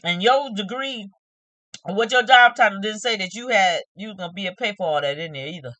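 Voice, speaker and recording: A woman's voice: mid-range voice, brisk, sharp tone, dry recording. A woman giving a casual, emphatic recap of a reality show, scolding the people in it and acting out what they said. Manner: emphatic, scolding, retells scenes with acted quotes.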